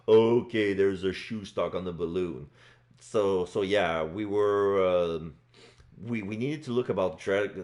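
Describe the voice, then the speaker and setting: A man casually commenting on a game while streaming live, rambling with fillers. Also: low voice. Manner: casual, lots of fillers and restarts.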